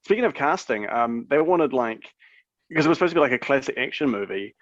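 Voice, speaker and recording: A man's voice: medium pitch, lively intonation, fast talker, no room sound. Guy rambling thru a movie fact on a podcast, lots of likes and ums, muffled dry sound. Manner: rambling, filler-heavy. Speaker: podcast co-host. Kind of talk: casual podcast chat.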